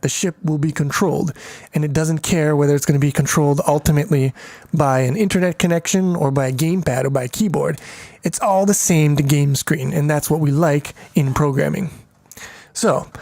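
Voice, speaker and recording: A man's voice: on the high side, a little mellow, no room sound. A man giving a casual programming walkthrough, thinking aloud with many fillers, swearing and making crude jokes as he goes. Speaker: programming tutor. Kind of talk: casual screencast code walkthrough.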